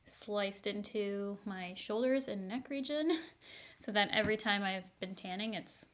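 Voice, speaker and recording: A woman's voice: medium pitch, measured pace, a bit bright. A young woman, chatting to viewers through a makeup tutorial, laughing often and making asides. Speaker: beauty vlogger.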